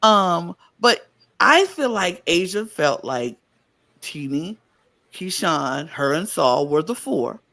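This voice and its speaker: A man co-hosting a casual podcast recap, his pitch on the high side and swinging widely as he talks. He stops and restarts sentences often, circling back as he works through his point. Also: big pitch swings, slow, pushed and bright. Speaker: podcast co-host.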